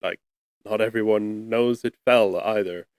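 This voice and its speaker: A man acting as game master, chatty and quick to laugh as he narrates. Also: lowish voice, steady tone, darkish tone, clear, resonant tone, no echo, studio quality. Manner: chatty, laughs often, many restarts.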